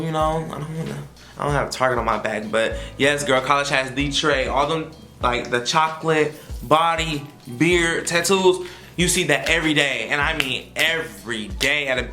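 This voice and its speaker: A man's voice: a little high, bright, forceful tone, echoey room. A young man, a college freshman, giving sassy, slangy advice in a casual vlog. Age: young adult. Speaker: vlogger.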